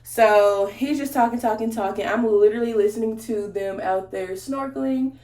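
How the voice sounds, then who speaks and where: A woman's voice: fairly high pitch, moderate pace, darkish tone. Chatty woman vlogger in a roomy room. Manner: chatty, slangy, talks straight to viewers. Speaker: beauty vlogger. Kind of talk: casual storytime chat during a makeup tutorial. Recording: roomy echo.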